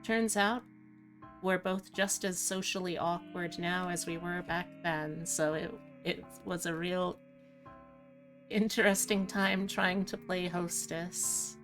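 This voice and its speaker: A woman hosting a live stream, chatting casually with her audience in a low-key, rambling, self-deprecating way. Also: flat delivery, slow, fairly bright tone, soft background music. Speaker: streamer host.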